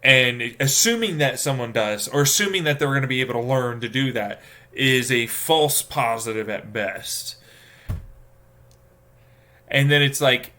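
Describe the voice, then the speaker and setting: A man's voice: medium pitch, measured pace, sharp tone. A man live streaming, rambling in casual talk and venting with profanity and lots of fillers. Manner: profane, exasperated ranting with many fillers.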